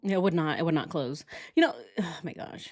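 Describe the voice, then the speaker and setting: A woman hosting a casual true crime livestream, reacting with animated, sarcastic commentary and frequent laughter. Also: low-pitched, moderate pace.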